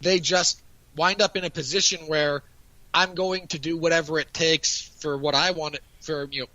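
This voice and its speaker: A man's voice: on the high side, fairly even intonation, normal speed, bright, forceful tone, dull audio. A man chatting casually on a podcast, animatedly recapping a TV episode and acting out lines of dialogue. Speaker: podcast co-host. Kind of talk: casual review chat.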